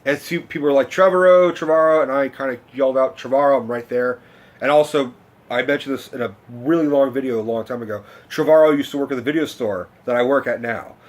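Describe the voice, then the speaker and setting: A man's voice: mid-range voice, quick pace. A young man, telling a story in a casual, rambling, profane rant to camera. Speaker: vlogger.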